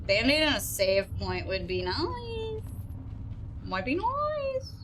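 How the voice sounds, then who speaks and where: A woman's voice: high-pitched, sing-song, slow, background noise. A woman commentating live on a horror game, crude and self-mocking, stressed, breaking into silly made-up songs. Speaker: streamer playing a horror game.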